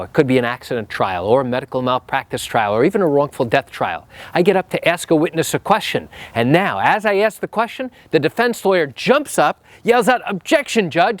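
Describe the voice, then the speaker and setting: A man's voice: on the high side, no room sound. A lawyer explaining courtroom practice straight to camera, acting out the trial exchanges in his own voice. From New York.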